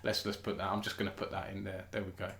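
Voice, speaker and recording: A man's voice: sits low, little pitch movement, quick pace, fairly bright tone, echoey room, a little hiss or hum. A British man hosting a casual live-streamed esports news chat. He talks in a chatty way, restarts often and thinks aloud.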